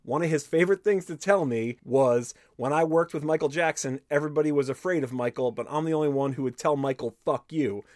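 A man hosting a podcast, reading an interview aloud with animated, profane storytelling and cutting in with his own comments. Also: a little high, fast talker, few pauses, no room sound, studio quality. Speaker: podcast host.

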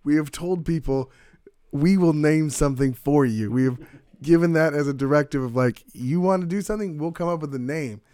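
A man's voice: on the high side, brisk, mellow, clean tone, no echo. Sarcastic man on a dry mic. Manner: combative, sarcastic, laughs often. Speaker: podcast co-host. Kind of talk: casual chat.

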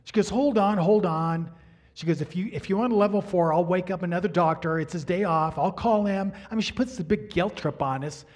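A middle-aged man preaching, telling a personal story in an animated way and acting out the dialogue. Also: high voice, a little fast. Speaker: pastor. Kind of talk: sermon storytelling.

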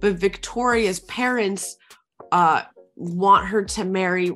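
A woman's voice: medium pitch, slow pace, a bit bright. A young woman casually retelling a movie plot to friends, rambling with lots of fillers and the odd swear. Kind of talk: casual chat.

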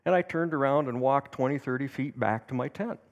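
A man's voice: mid-range voice, brisk, in a large hall, muffled recording. A man teaching at a church service, telling a personal story in a folksy way and acting out the quotes. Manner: anecdotal, folksy, with lively acted quotes. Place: church sanctuary.

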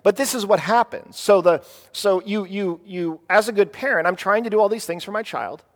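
A man in his thirties preaching a sermon, telling a family story in a halting, conversational way with many restarts. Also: high voice. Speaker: pastor. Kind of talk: sermon with personal stories. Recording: long hall reverb.

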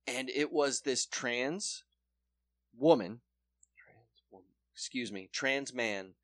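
A young man co-hosting a casual podcast, retelling a story with lively acted-out quotes. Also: mid-range voice, slow, dry recording. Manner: animated storyteller acting out quotes. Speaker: podcast co-host. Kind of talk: casual chat, retelling a true crime show.

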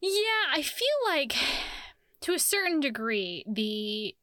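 A woman with a high-pitched, bright voice talks through a game in casual chat. She tells stories with animated swearing and quotes the characters as she goes. The sound is dry and close. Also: slow pace, no echo.

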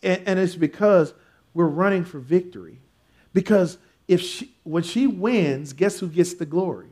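Male pastor, very high voice, sermon with call-and-response, builds to shouting. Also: unhurried.

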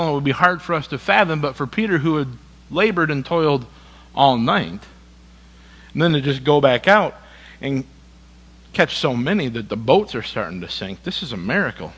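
A man's voice: mid-range voice, fairly bright tone, husky, big-room sound, rough recording. A man preaching a sermon in a church, with emphatic repetition and direct questions to the congregation. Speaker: pastor.

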